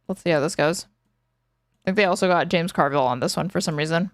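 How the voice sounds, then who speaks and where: A woman's voice: lowish voice, dry recording, clean studio sound. A woman streaming live, commenting on news clips in a sarcastic, profane, offhand way. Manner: sarcastic, profane, quick asides.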